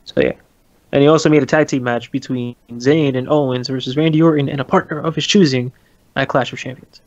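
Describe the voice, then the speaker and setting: A man's voice: mid-range voice, fairly even intonation, brisk, darkish tone. Laid-back man on a lo-fi podcast. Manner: laid-back, laughs often, swears casually. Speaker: podcast co-host. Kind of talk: casual wrestling podcast chat.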